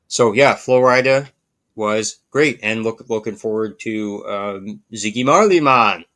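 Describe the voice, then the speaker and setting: A man's voice: lowish voice, little pitch movement, slow, smooth. A man co-hosting a podcast, telling stories in an enthusiastic, laughing way. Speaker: podcast co-host. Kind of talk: casual chat.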